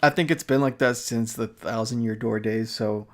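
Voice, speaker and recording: Young man, tired, casual stream chat, rambling, frequent fillers and restarts, mid-pitched voice. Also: fairly even intonation, moderate pace. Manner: rambling with many fillers and restarts, laughs often. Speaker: live streamer.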